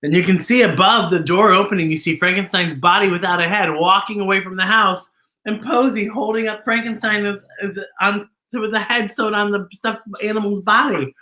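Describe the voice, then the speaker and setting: A woman hosting a children's storytime show, reading a picture book aloud in an animated, sing-song way and talking to the kids at home. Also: mid-range voice, normal speed, reverberant.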